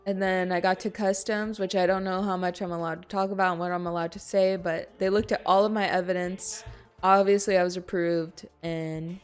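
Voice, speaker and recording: A woman's voice: lowish voice, little pitch movement, a little fast, clean tone, soft background music. A young woman streamer telling a story in casual, chatty talk, full of "like" and other fillers, recorded in a basement. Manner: chatty, filler-heavy, lots of "like". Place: basement of a house.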